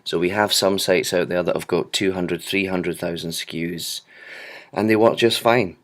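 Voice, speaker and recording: A man giving a relaxed, conversational walkthrough of a software storefront, with frequent ums. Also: low-pitched, normal speed. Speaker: software product presenter. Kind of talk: screen-recorded product walkthrough.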